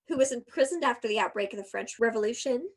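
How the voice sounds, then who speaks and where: A woman's voice: on the high side, expressive, fast. A woman co-hosting a podcast, telling a story in a casual, chatty way with playful asides and giggles. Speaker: podcast co-host.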